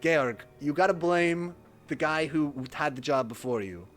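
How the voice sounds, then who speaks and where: A man's voice: a little high, expressive, unhurried, fairly bright tone, soft background music. A man streaming a game live, reading its text aloud and joking about it as he goes. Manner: jokey, reads game text aloud and riffs on it. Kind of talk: casual live-stream commentary.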